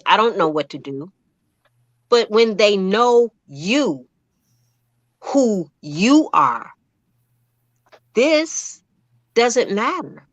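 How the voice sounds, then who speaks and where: A middle-aged woman talks as an interview guest, telling her story with feeling and energy. Her voice sits at an ordinary middle pitch and she slips into the voices of the people she quotes. The sound is close and dry, with no room around it. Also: no room sound. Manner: animated storyteller who acts out quoted dialogue; heartfelt and emphatic.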